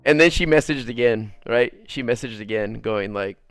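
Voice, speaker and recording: A man streaming a game while telling a story in casual chat, animated, swearing freely and laughing often. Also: mid-range voice, normal speed, smooth, dry recording, studio quality.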